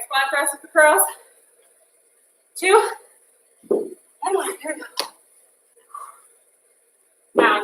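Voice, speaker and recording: A young woman fitness instructor with a high, pushed, bright voice leads an interval workout while out of breath. She cues upbeat, counting down and cheering people on. Her mic is far off in an echoey room, with slight background noise.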